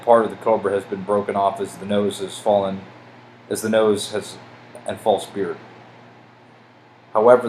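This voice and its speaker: A man with a lowish voice rambles through a casual commentary over pictures, getting excitable and swearing. He stumbles when he reads text aloud. A faint air-conditioner hum sits behind him. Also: low-quality recording. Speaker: conspiracy video host.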